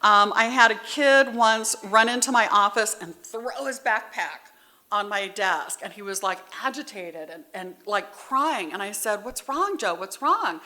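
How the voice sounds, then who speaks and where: A woman's voice: mid-range voice, measured pace, pushed and bright. A middle-aged woman speaking at a recovery meeting, telling her story candidly and conversationally, heartfelt and near tears at times. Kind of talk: personal testimony at a meeting.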